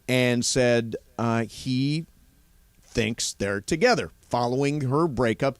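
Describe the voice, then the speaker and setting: A man's voice: mid-range voice, no room sound. A man hosting a sports talk radio show, chatting casually and joking with his co-hosts.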